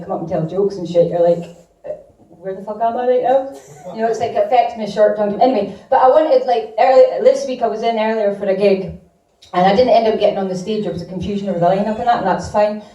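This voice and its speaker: A woman with an Aberdeen Scottish accent rambles through improvised stand-up, swearing freely and joking at her own expense. Her voice is warm and mellow. It is caught from a distance in a roomy, echoing club. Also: mid-range voice, highs cut off. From Aberdeen, Scotland. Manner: rambling, sweary, self-deprecating. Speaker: stand-up comedian. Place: comedy club stage.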